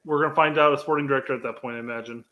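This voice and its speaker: A man co-hosting a casual soccer talk show, laid-back, with halting restarts and chuckling asides. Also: medium pitch, steady tone, highs cut off. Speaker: podcast co-host. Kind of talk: casual chat.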